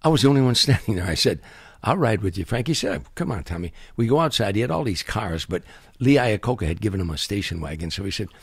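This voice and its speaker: An older man, a comedian guest, telling animated anecdotes and acting out other people's voices and sound effects. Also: lowish voice, fast talker, vocal fry, hardly any pauses, husky, no room sound.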